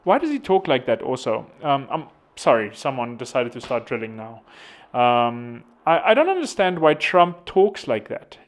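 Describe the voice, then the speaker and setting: A man's voice: medium pitch, big pitch swings, moderate pace. A young South African man giving casual political commentary, rambling and poking fun at himself. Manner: rambling, self-deprecating joking. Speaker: vlogger.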